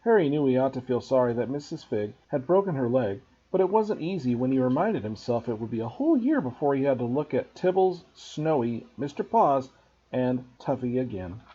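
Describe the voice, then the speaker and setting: A man, a teacher, reading a children's novel aloud to students in an expressive storybook narration. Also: medium pitch, normal speed, husky, highs cut off.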